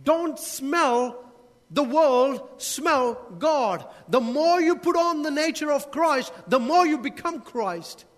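With long hall reverb around him, a male pastor preaches slowly in an extremely high, expressive voice. He quizzes the congregation with rhetorical questions and drops in humorous asides along the way.

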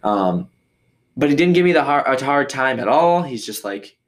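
With an expressive mid-range voice at normal speed, this Michigan man hosts a podcast and tells a loose, rambling story. Fillers and restarts pile up, and he does voices for the people he quotes.

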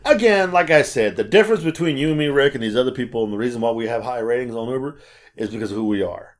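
A man telling stories in a casual chat, animated and swearing freely. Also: mid-range voice, fast. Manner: animated storyteller, acts out quotes, swears freely. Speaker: podcast co-host.

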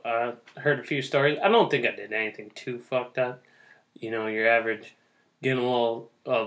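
A man's voice: mid-range voice, fairly bright tone. A man in casual chat with a mid-range voice, loose and crude, dropping swears through a rambling, joking delivery. He sounds like one half of a laid-back podcast. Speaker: podcast co-host.

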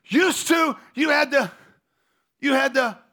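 A middle-aged man preaching a lively sermon in a church, joking and repeating phrases, swinging between hushed asides and shouts. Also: extremely high pitch, takes it slowly. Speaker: pastor. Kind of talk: energetic sermon.

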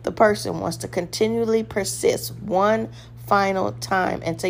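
A woman's voice: medium pitch, steady tone, a little slow, creaky, slight background noise. A woman giving a short devotional sermon, firm and exhorting, repeating short commands. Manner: acts out a weak, hesitant voice when giving examples. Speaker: devotional podcast host.

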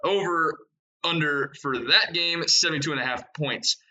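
A young man hosting a sports betting podcast, rattling off picks and odds in a fast, excited way. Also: on the high side, muffled recording. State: out of breath. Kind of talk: energetic podcast chat.

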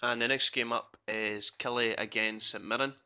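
Scottish guy hosting a chat, teasing, really bright voice, kinda dull recording. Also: medium pitch, fairly even intonation, normal speed. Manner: teasing, runs the segment. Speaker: host. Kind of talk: casual podcast chat.

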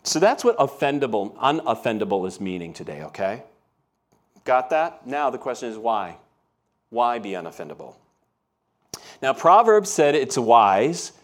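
A man preaches to his congregation in a relaxed, conversational sermon. He tells everyday stories and keeps asking his listeners questions. His voice sits in an ordinary middle range. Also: medium pitch, moderate pace. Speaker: pastor. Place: church.

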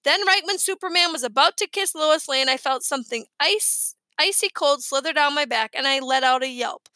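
Woman narrator for a kids' book, expressive, bright high voice. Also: moderate pace, no echo. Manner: lively expressive storytelling. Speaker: reader. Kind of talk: audiobook narration.

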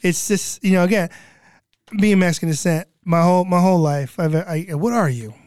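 A man's voice: high-pitched, fairly quick, clear, resonant tone, no echo. Podcast guest, middle-aged man, chatty storyteller who slips into other people's voices, dry close sound. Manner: animated, acts out quoted voices. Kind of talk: casual storytelling.

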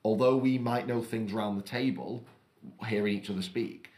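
A man's voice: on the low side, fairly even intonation, moderate pace, a little mellow. A young man chatting casually, explaining things in a rambling, self-correcting way. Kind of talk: casual chat.

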